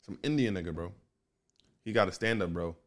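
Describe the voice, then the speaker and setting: A man's voice: low-pitched, fairly quick. A young man in casual chat with friends, emphatic and slangy, tagging lines with bro.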